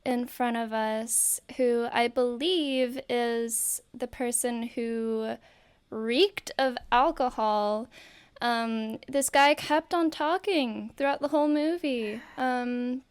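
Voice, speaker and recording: A woman's voice: on the high side, takes it slowly, clean tone. A woman who is a guest on a podcast, telling a story in casual chat. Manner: storytelling, animated.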